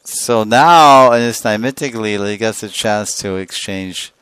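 A spiritual teacher gives a scripture lecture in a clear, resonant, fairly low voice, speaking a little slowly with no echo. He tells stories animatedly and acts out the scenes.

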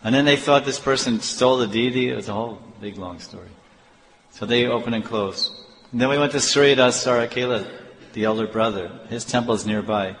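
A man telling devotional stories in an animated sermon, with halting restarts. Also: medium pitch, slight background noise. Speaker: devotional storyteller. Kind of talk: storytelling sermon. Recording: echoey hall, faint ambience.

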